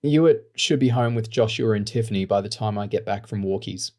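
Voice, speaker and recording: A man's voice: fairly low pitch, a little fast, lightly acted. A man reading an audiobook, voicing a caring twelve-year-old girl who is close to tears. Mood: sad. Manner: fond, soft-spoken.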